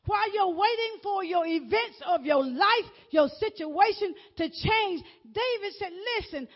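A woman preaching a fervent sermon to a congregation, repeating words and calling out to the listeners. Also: very high-pitched. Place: church before a congregation. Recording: dull lo-fi recording.

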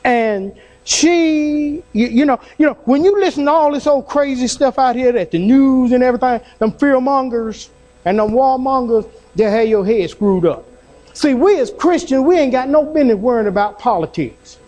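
A man preaches with a strikingly high voice for a man, talking plainly and repeating lines for weight. He calls out to the people in the pews and urges them to answer back. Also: normal speed, darkish tone, muffled recording. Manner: fervent preaching, calling out to the congregation; folksy, plainspoken talk with repetition. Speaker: pastor. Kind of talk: sermon.

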